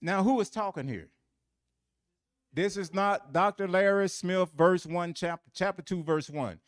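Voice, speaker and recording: A man's voice: high voice, measured pace. A man teaching a Bible lesson, quizzing listeners with fill-in questions and repeating phrases for emphasis.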